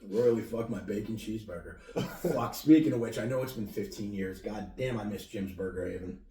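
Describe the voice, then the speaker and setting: A man's voice: fairly low pitch, brisk, mellow, roomy sound, recorded from a distance. A man co-hosting a podcast, telling crude, joking, nostalgic stories in casual chat. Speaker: podcast co-host.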